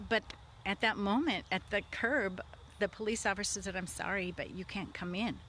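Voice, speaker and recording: A woman's voice: medium pitch, bright, forceful tone, slight background noise. A middle-aged woman talking casually outdoors on her farm, with lots of fillers and restarts. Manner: conversational, many fillers and restarts. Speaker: vlogger talking about leadership. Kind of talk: casual spoken story.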